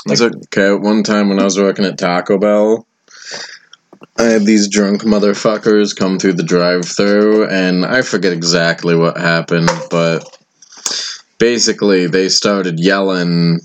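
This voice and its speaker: Young man, very deep voice, laid-back, offhand storytelling. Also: fairly even intonation, unhurried, a little hiss or hum. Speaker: podcast co-host. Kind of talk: casual chat, storytelling.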